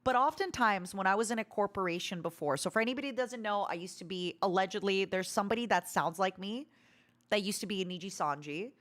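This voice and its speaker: A woman streamer chatting casually, rambling with restarts and fillers, with a tone she calls harsh and to the point. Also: fast. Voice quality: animated, self-described harsh to-the-point tone. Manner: rambling with many restarts and fillers, sudden loud squeaky imitations.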